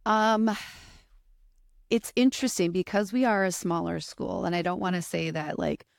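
A woman's voice: fairly low pitch, steady tone, moderate pace, gravelly, no echo, clean studio sound. A woman who works with school students, talking earnestly in an interview with frequent fillers. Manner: earnest and thoughtful, with many fillers. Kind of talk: casual interview chat.

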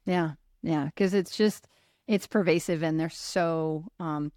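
A woman's voice: low-pitched, steady tone, slow, a little mellow, no echo. Chatty woman, dry close sound. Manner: chatty and rambling, with many restarts and laughs. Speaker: host. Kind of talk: casual interview chat.

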